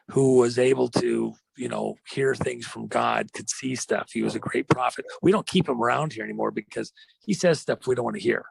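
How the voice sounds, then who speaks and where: A man with a very gravelly, creaky voice and a husky edge, telling a story dramatically. He rambles with fillers and drops into slow, weighty phrasing. The sound is dry and close. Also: medium pitch, no room sound, low-quality recording. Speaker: guest.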